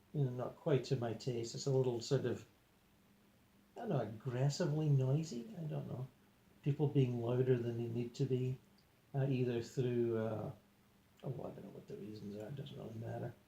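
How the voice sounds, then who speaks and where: A man with a gravelly, mellow voice recounts an out-of-body experience. He talks hesitantly and rambles, pausing often and filling the gaps with small hesitations. The recording has a roomy echo. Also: medium pitch, fairly even intonation, slight background noise. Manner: hesitant, rambling, pauses with many fillers. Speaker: journal narrator.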